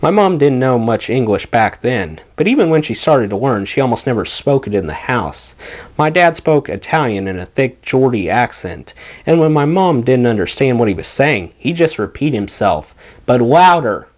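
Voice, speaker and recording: A man reads a memoir aloud, his pitch rising and falling freely. The recording sounds dull and lo-fi. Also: sing-song, normal speed. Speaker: audiobook reader.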